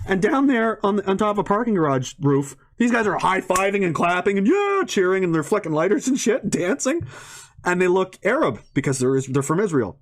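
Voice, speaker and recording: A man rants to an audience in a rambling, profane monologue, his somewhat high voice swinging up and down. He laughs partway through sentences and swears freely. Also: very animated, a little fast.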